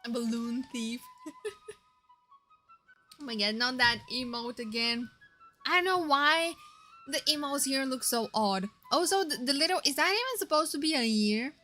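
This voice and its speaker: Bright, giggly young woman streamer. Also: sits high, unhurried, pauses often, soft background music. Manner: giggly and playful, reacting to chat. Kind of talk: casual live-stream commentary.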